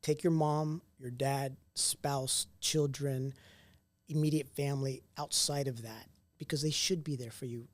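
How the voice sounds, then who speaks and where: A man telling stories in an interview, casual and animated, acting out what others said to him. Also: mid-range voice, measured pace, dry recording. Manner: animated storyteller who acts out quoted dialogue; casual, occasional mild swearing. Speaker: entrepreneur guest. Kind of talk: conversational storytelling interview.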